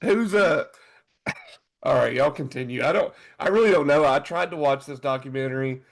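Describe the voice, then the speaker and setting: A man's voice: mid-range voice, moderate pace, creaky. A man co-hosting a podcast, chatting in a candid, offhand way. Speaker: podcast co-host. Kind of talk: casual chat.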